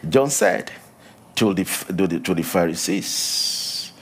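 A male preacher delivering a sermon, emphatic, repeating key lines and dropping to a low hush for warnings. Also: animated, slow, slightly rough.

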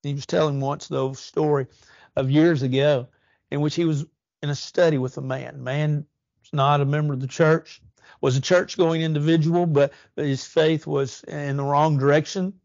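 A man delivers a church sermon with earnest conviction, stretching key words slowly and lifting his voice for emphasis. His voice sits a little high, recorded close and dry with a slightly dull, muffled sound. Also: steady tone, vocal fry, a little mellow, no echo. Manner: earnest, rising emphasis and slow drawn-out stresses. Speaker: preacher.

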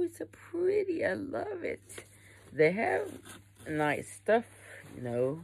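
A young woman chats her way through an unboxing, wandering from thought to thought and swearing without a second thought. Her voice has a gravelly, fry-heavy edge. She speaks slowly, and her pitch climbs and dips freely as she talks. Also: background noise. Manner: rambling, swears freely, trails off. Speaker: vlogger. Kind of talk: casual unboxing chat.

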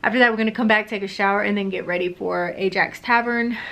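A woman's voice: medium pitch, steady tone, quick pace, creaky, sharp tone. A woman chatting casually to her camera in a travel vlog, loose and full of fillers. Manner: chatty, filler-heavy, talks straight to camera. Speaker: vlogger. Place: hotel room and ski resort.

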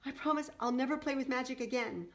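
A woman's voice: high-pitched, fast talker, pitched above the performer's own voice. A woman voicing a clumsy young man disguised as a girl, talking in a whiny, pleading, sobbing way in a read-aloud storybook. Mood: wailing.

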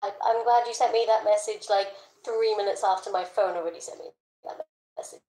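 A woman's voice: medium pitch, steady tone, brisk, mellow, a little hiss or hum. A young woman chatting playfully on a live stream, talking to her pets and her viewers. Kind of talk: casual live-stream chat. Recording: echoey room.

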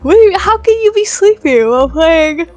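Playful high-pitched young woman gamer. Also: animated, moderate pace, darkish tone. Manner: playful, goofy, laughs a lot. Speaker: friend playing along. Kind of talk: casual gaming chat. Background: game music.

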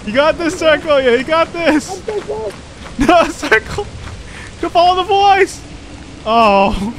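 A woman streamer chatting while playing a co-op game, excitable, swearing and laughing. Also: high-pitched, slow pace. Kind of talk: casual gaming chat. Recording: game noise underneath.

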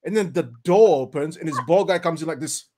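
Male co-host, chatty and jokey, light higher pitch. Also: background noise. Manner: joking, animated, quick asides. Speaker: podcast co-host. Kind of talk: casual chat about ghost stories.

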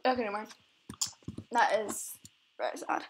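A woman's voice: a little high, expressive, normal speed, a little hiss or hum. A woman chatting casually while playing and recording an online game, giggling often and exclaiming when surprised. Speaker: gamer recording gameplay.

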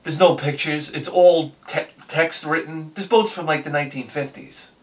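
A man telling a personal story on his video channel, excitable, swinging between loud bursts and quiet asides. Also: a little high, normal speed, recorded from a distance. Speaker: video host.

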